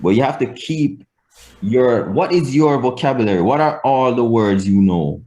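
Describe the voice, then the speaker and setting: A man's voice: medium pitch, animated, moderate pace, dark tone. A Jamaican man teaching a live class, patient and repeating key points for emphasis. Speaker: language teacher.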